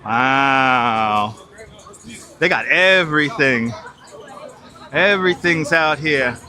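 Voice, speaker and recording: A man's voice: mid-range voice, animated, drawn-out words, bright, forceful tone. A man live-streaming his walk through busy city streets on a wireless lapel mic, giving profane, exasperated running commentary.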